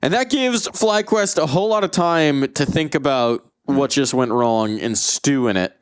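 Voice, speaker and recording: Excitable male esports play-by-play caster. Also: mid-range voice, unhurried, smooth, no echo, clean studio sound. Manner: excitable, jokey, rising to shouts on big plays. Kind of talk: play-by-play commentary.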